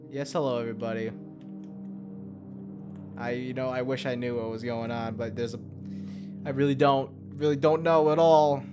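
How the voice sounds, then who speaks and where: A man's voice: mid-range voice, fairly even intonation, moderate pace, pauses often, over music. Young man cursing through a game. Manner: swears a lot, mutters to himself, sudden yelps of alarm. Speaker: gameplay commentator. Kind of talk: profane let's-play commentary.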